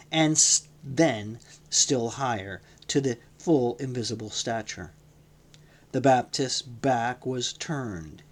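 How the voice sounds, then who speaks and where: A man reading a novel aloud in a measured, dramatic narration. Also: medium pitch. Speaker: audiobook reader. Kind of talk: scripted narration.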